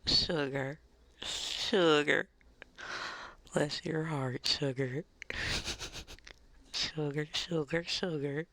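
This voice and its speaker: A woman doing a teasing Southern mama, drawled, slow and sweet, bright tone. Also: deep voice, steady tone, heavily acted. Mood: syrupy. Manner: drawling, syrupy endearments. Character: doting scolding Southern mama, sugary and teasing.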